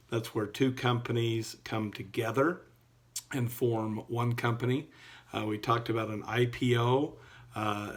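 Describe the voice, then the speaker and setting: A middle-aged male entrepreneurship teacher giving a recorded class update in a relaxed, folksy way with many fillers. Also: mid-range voice.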